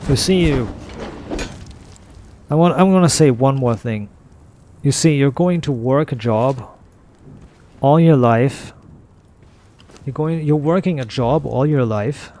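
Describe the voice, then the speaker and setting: In this gaming video, a man speaks slowly with frequent pauses in a mellow, medium-pitched voice. He veers away from the game into a repetitive, swear-filled rant born of frustration, and a faint hiss or hum runs underneath.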